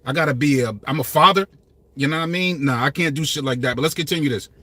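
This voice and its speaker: A man's voice: fairly high pitch, fast, sharp tone. A man in his fifties hosting a hip-hop commentary channel, talking passionately and emphatically in street slang. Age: 50s. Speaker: channel host.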